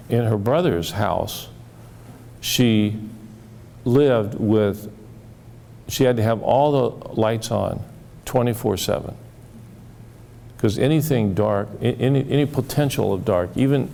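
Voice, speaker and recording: A man telling stories from his therapy cases, halting and repeating words as he acts out quoted dialogue. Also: fairly low pitch, gravelly, dark tone. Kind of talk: storytelling talk.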